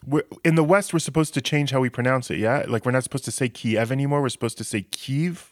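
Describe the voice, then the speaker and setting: A man's voice: mid-range voice, very fast, no room sound. Chatty male podcast host, dry close sound. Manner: chatty, storytelling, many restarts. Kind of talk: casual podcast conversation.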